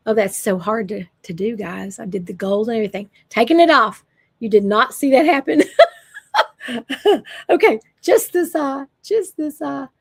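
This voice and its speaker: A woman's voice: a little high, vocal fry. An older woman, chatting casually and rambling through a makeup tutorial as a makeup consultant. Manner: chatty, rambling, self-correcting.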